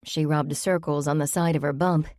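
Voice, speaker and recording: A woman narrates a story in a low voice with a light, wry touch. The recording is dry and close, with no room sound. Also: steady tone, moderate pace, darkish tone, no room sound. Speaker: audiobook narrator. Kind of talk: scripted narration.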